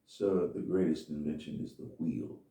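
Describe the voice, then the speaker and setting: A man voicing scornful wealthy older gentlemen who talk down to a boy. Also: a bass voice, steady tone, moderate pace, roomy sound, recorded from a distance. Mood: arguing. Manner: dismissive and condescending.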